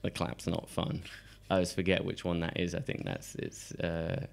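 A man co-hosting a podcast in casual chat, croaky and hoarse from a cold, joking and laughing between rambling asides. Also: sits low, normal speed. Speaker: podcast co-host.

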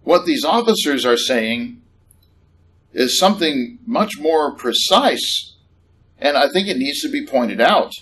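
Male preacher, animated conversational sermon delivery, slightly higher voice, faint hiss behind. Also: slow, rough recording. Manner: conversational, animated, rising on questions. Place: church hall.

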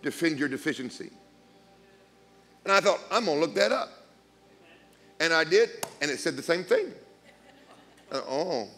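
Gravelly, blunt preacher man. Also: fairly high pitch. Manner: blunt, emphatic, swings between quiet asides and loud declarations. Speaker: guest preacher. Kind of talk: sermon.

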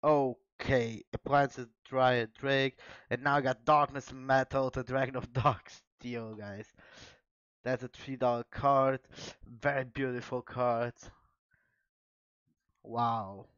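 A man chatting casually to his viewers while opening trading card packs, excitable and quick to exclaim. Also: medium pitch, clear, resonant tone, dry recording. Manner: chatty, keeps addressing viewers as guys. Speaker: trading card pack opener. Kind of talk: casual unboxing chat to viewers. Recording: dull, dry lo-fi home recording.

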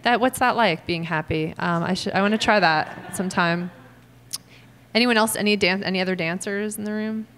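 An American woman doing live stand-up crowd work in a small venue, quick and self-mocking. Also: mid-range voice, a bit bright, a little hiss or hum. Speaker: comedian working the crowd.

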